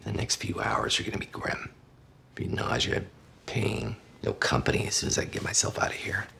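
A man's voice: lowish voice, lively intonation, moderate pace, vocal fry, bright, forceful tone, a little hiss or hum, heavily acted. An actor playing a sardonic middle-aged male doctor who talks in a dry, cutting way. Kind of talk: TV drama acting.

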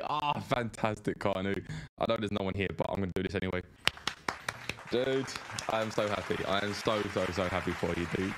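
Chatty man streaming a game, low voice. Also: slight background noise. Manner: rambling, chatty, greets viewers by name. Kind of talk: live gameplay commentary.

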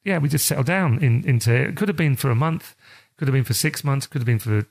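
A man's voice: mid-range voice, expressive, quick pace, creaky. A middle-aged man with a South East London accent, chatting casually in an interview, rambling with many restarts. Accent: South East London English. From South East London, England. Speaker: charity chief executive.

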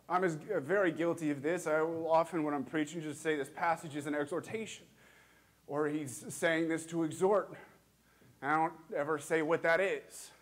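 A pastor preaching a sermon in a church, asking questions and speaking earnestly with measured, emphatic pauses. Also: male voice, sits high, a little mellow.

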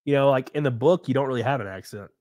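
A man's voice: medium pitch, very fast, darkish tone, no room sound. A man hosting a casual livestream while sick, chatting loosely with viewers, swearing and trailing off mid-thought. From United States. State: sick, congested. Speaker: livestream host. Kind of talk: casual livestream chat reading viewer comments.

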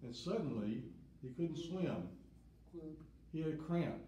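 Slow-speaking preacher man. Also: fairly high pitch, animated, mellow, slight background noise. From Southern United States. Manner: slow, plain and deliberate, with short pauses. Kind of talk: simple devotional talk with stories. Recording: echoey room.

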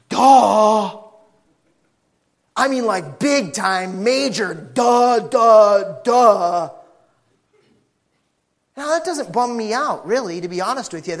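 Animated man in his thirties preaching. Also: sits high. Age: 30s. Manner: animated, swings from quiet asides to shouting; jokes with the congregation. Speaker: pastor. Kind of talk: sermon. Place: church sanctuary.

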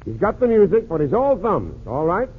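High-voiced man doing 1940s radio comedy. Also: wildly swooping pitch, breathy edge. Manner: one-sided phone-call routine, quick comic patter. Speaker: comedian and emcee. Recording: tinny lo-fi 1940s radio transcription with faint hiss.

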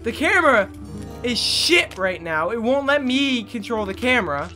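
A man's voice: extremely high pitch, big pitch swings, normal speed, pushed and bright. A young man giving casual gameplay commentary, swearing and bursting into frustrated outbursts. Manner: frustrated, profane, prone to outbursts. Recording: game music in background.

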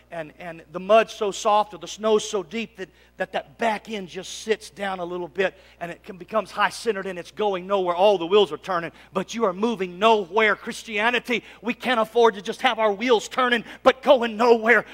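A male pastor preaching a sermon, asking his congregation to answer back and swinging from loud emphatic lines to quiet asides. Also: sits high. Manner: preaching, calling for congregation responses. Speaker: lead pastor. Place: church sanctuary. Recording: long reverb of a church sanctuary.

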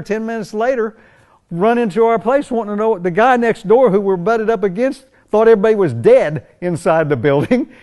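Older male storyteller, gravelly, folksy and rambling, racing-team owner recounting anecdotes. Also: high-pitched, a little mellow. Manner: folksy, conversational, rambling with restarts. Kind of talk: animated anecdote telling.

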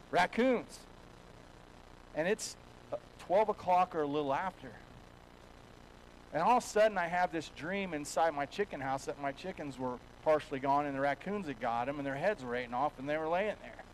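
A male pastor preaching a sermon in a folksy, storytelling way, his voice a bit higher than most men's. He drops to a near hush and then rises to loud, driving lines. A faint hiss sits under the recording. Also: moderate pace, long pauses, poor audio. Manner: folksy storytelling, swinging between hushed and loud. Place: church.

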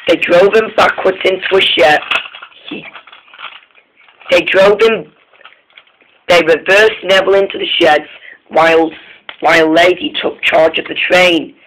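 A man reading a children's train story aloud, halting, with frequent restarts and slips. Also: high voice, fairly even intonation, a bit bright, a little hiss or hum, low-quality recording.

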